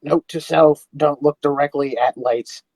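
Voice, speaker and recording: A man's voice: fairly high pitch, fairly even intonation, a little slow, darkish tone, no echo. A man playing in a tabletop game, easygoing and wondering aloud. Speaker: player.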